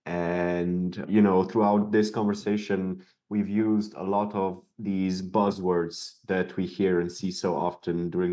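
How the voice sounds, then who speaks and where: A man with a very low voice hosts a podcast interview. He is friendly and laughs easily between his questions. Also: a little mellow. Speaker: podcast host.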